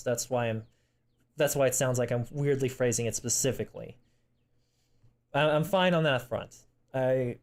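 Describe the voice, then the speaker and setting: A man's voice: medium pitch, darkish tone, smooth. Young man, vlog confession, shaky and tearful, stumbling restarts, swearing, apologetic. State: emotional, tearing up. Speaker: vlogger.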